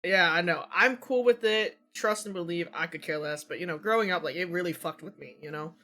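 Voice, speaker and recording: A man with a somewhat high-pitched voice hosts a casual interview and moves straight into his questions. He speaks candidly and wryly about himself and laughs easily at his own expense. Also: a little fast, bright, forceful tone. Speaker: stream host and interviewer. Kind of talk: casual chat.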